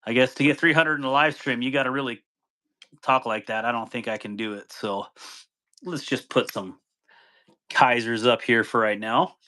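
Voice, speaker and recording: A man's voice: medium pitch, moderate pace, sharp tone. A man hosts a live stream. He chats casually and laughs easily, calling out viewers by name as they arrive.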